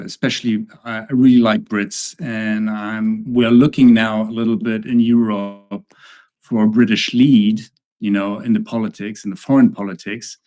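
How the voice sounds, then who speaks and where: German guy, low-ish voice, earnest and formal. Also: warm tone. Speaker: panelist. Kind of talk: casual roundtable chat.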